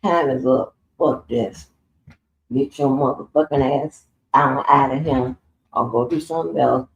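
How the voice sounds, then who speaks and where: A woman's voice: rumbling low, expressive, measured pace, gravelly, muffled recording. A woman hosting a live stream, ranting in a profane, confrontational monologue. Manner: profane, confrontational, swears heavily. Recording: roomy echoey room.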